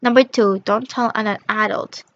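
A woman voicing a bossy schoolgirl bully who gives flat orders in a game roleplay. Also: mid-range voice, measured pace, dull audio, natural voice.

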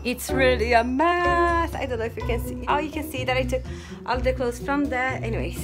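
Young mum vlogger, rambling casual delivery, higher voice, music bed underneath. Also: female voice, a little fast. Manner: chatty, rambling, with frequent "anyways" and "guys". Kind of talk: casual vlog chat to camera. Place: home. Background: background music.

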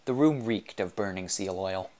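A man narrating an audiobook in a measured, expressive reading. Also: low voice. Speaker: audiobook reader.

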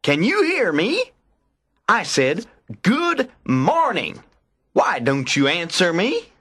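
A man voicing a small, friendly male rabbit in a storybook reading, with a high, squealing, pleading voice. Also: wildly swooping pitch, slow pace, creaky, pushed and bright, husky, exaggerated voice. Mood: indignant.

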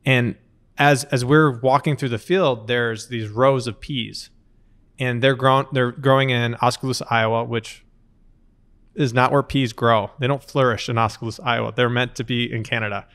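A man in his thirties, an interview guest, telling lively anecdotes in conversation and acting out quotes along the way. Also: mid-range voice, normal speed. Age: 30s. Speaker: company co-founder, interview guest. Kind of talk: conversational storytelling.

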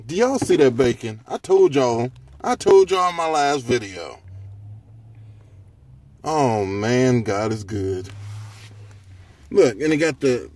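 A sleep-deprived man hosting a casual food review vlog from a parked car, talking into his phone, excitable and profane as he gushes over food. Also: mid-range voice, takes it slowly, pauses often. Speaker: food-review vlogger, show host.

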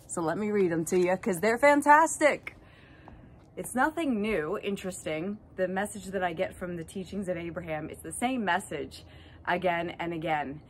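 A woman hosting an inspirational self-help talk, earnest and enthusiastic as she thinks aloud about what she is learning. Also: on the low side. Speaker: host.

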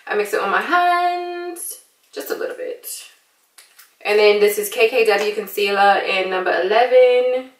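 An American beauty vlogger plays around with a put-on British accent during a casual makeup tutorial, chatty and laughing often. Her mid-range voice is unhurried, recorded on a distant mic in an echoey room.

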